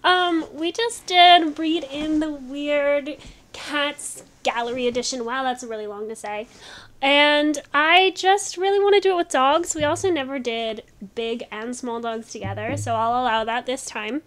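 A woman's voice: sits high, fairly bright tone. A woman hosting a casual gaming video, chatting and gushing as she plays. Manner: bubbly, gushing, quick with laughs. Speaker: gaming channel host. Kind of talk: casual gameplay commentary.

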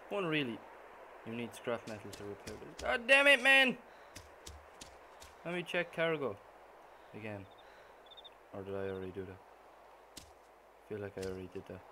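A young man talks over a game, swearing nonstop. His voice swings widely in pitch as quiet muttering breaks into sudden shouts. There is a clear hiss of noise under the recording. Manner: swears constantly, muttering that bursts into sudden yells. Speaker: gaming channel host. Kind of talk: profane gameplay commentary. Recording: noisy gameplay recording.

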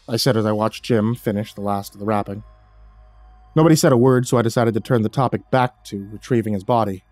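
A man narrating a horror story in a steady, low-key storytelling manner. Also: a little fast, no echo. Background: faint music.

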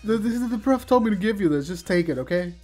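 A man's voice: high voice, animated, fast talker, darkish tone, soft background music. A man playing a video game in casual chat, cursing often and teasing his co-host. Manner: swears a lot, teasing and sarcastic. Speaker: let's play player.

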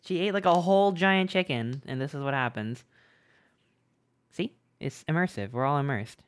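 A woman with a strikingly deep voice hosts a game stream. She chats casually and playfully, giggling and talking in quick bursts. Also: expressive. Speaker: streamer host.

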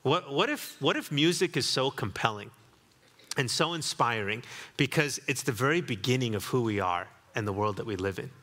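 A man's voice: mid-range voice, animated, moderate pace, bright, forceful tone, in a large hall. A man preaching a sermon as pastor, reflective and building to emphatic repetition, in a church sanctuary.

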